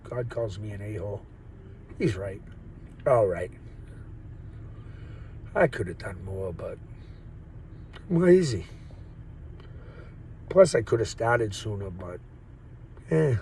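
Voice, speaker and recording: A man's voice: lowish voice, lively intonation, a little slow, gravelly, pauses often, darkish tone, slight background noise, low-quality recording. A man talking into his phone in a rambling, profane, joking monologue that keeps wandering off topic. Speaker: vlogger. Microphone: phone or camera mic.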